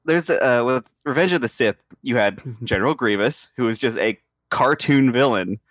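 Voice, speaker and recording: A man's voice: medium pitch, moderate pace, fairly bright tone, dry recording. A man co-host chatting casually and playfully, laughing often. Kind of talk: casual chat.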